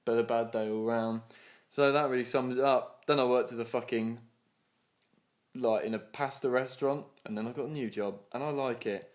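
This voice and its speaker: A young man in his twenties rambles through a story on a casual podcast, swearing freely and laughing as he goes. He slips into other people's voices to act out what they said, at a middle pitch. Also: steady tone, moderate pace. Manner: acts out other people's lines in his retelling. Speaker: podcast co-host.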